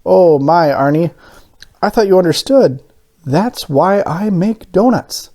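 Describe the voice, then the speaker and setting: A man's voice: high-pitched, expressive, takes it slowly, mellow, voice pushed up. A man playing a kindly storybook baker. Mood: gentle. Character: gentle matter-of-fact baker, adult man. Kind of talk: storybook read-aloud.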